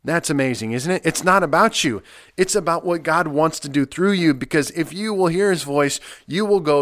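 An earnest man delivers a podcast sermon in a middle-pitched voice. He preaches with emphasis and comes back to key phrases again and again. The recording is dry and close, with no room echo. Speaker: pastor.

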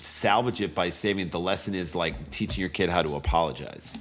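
A middle-aged man from St. Louis, a podcast guest talking about parenting in a casual, animated way and acting out quoted lines. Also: deep voice, fairly quick, a little hiss or hum. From St. Louis, USA. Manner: animated, acts out quoted speech.

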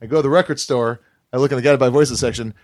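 A man's voice: mid-range voice, crowd noise. A male podcast host who hosts the show, jokes and leads segments in a playful way. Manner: playful, joking, quick to laugh. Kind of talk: casual comedic chat.

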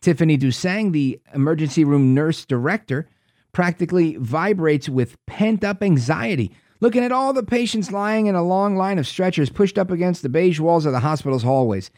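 A man's voice: a little high, moderate pace, a little mellow, no room sound, studio quality. A man hosting a talk radio show, reading news aloud with sarcastic asides.

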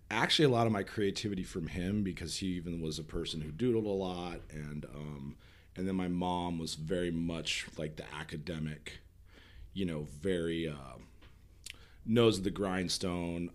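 A man from Nebraska, a film producer, chatting easily as a podcast guest with plenty of fillers. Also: deep voice. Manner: easygoing, chatty, lots of fillers. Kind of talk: casual interview conversation.

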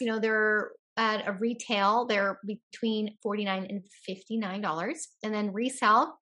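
A young woman co-hosting a casual chat, talking in a lively, chatty way. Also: medium pitch. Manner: lively, chatty, laughs often. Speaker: co-host.

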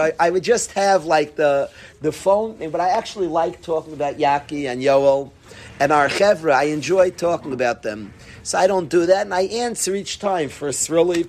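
A middle-aged man, a rabbi, giving an animated, conversational Torah talk to an audience, mixing in Yiddish and Hebrew words. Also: high voice, slightly rough.

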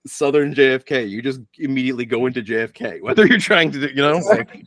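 A man's voice: medium pitch, fast, fairly bright tone, no echo. A man co-hosting a casual chat podcast, wisecracking and laughing, with lots of fillers. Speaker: podcast co-host.

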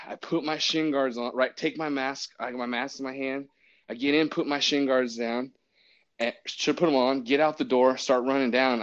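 A man who works as a baseball umpire, casually telling a story with lots of restarts and acted-out quotes. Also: medium pitch. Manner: animated, acts out quotes, many restarts. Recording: dull lo-fi audio.

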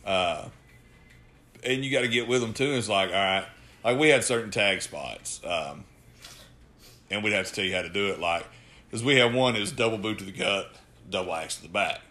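A man's voice: lowish voice, moderate pace, long pauses, sharp tone. A man who wrestles, chatting casually on a podcast, rowdy and profane, laughing often. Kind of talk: casual chat.

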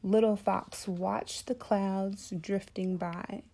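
A woman storyteller reading a children's picture book aloud, slow, calm and clear. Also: medium pitch.

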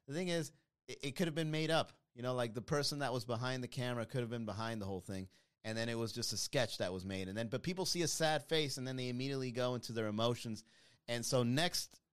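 A man's voice: mid-range voice, smooth. A man hosting a podcast live stream, chatting casually with viewers and reading comments in a joking, mocking way. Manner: animated, joking, mocking with playful put-on voices.

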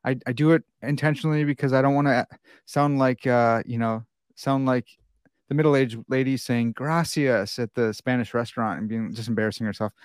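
A man's voice: medium pitch, fairly even intonation, a little fast, clean tone, no echo. American podcast guy, chatty, lots of ums and likes, dry close sound. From United States. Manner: chatty, self-deprecating, many fillers. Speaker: podcast host. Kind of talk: casual podcast conversation.

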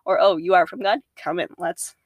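Animated lower-voiced young woman. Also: normal speed, no echo. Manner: animated, laughs often, acts out inner voices. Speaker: podcast guest. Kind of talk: casual faith podcast talk.

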